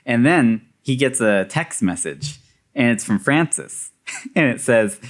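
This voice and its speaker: Male podcast host, casual chat, animated retelling, laughs a lot. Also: mid-range voice, unhurried. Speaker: podcast host presenting a fan theory.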